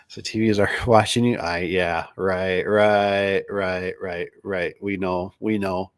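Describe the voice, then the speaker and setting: Rambling male streamer, casual and chatty, lowish voice, lots of fillers. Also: level tone, slow, few pauses. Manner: rambling, storytelling with many fillers and restarts. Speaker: livestream host, garage door business owner. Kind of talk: casual livestream chat reading comments.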